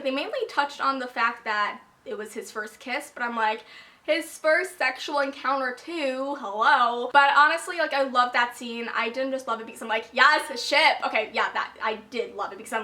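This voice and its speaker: A young woman reviewing a book in a casual vlog, gushing and excitable, with lots of fillers and laughter. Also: sits high, a little fast. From United States.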